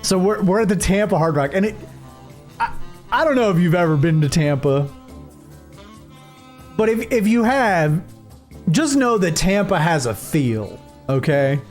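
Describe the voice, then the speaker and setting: A man's voice: sits high, sing-song, unhurried, long pauses, soft background music. A young man streaming a game, telling a rambling story with many restarts and fillers. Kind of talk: casual storytelling while gaming.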